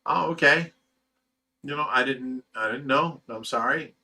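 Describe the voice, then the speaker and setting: This fish rescue host's voice is mid-range, bright, and forceful, moving a little slowly. On a casual livestream he reads out what viewers comment and replies in a blunt, loose way, with frequent chuckles.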